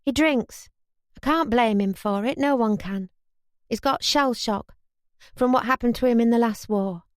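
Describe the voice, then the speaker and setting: A woman's voice: on the high side, unhurried, dry recording, studio quality, close to an everyday voice. A woman voicing an earnest young city woman who pleads her case.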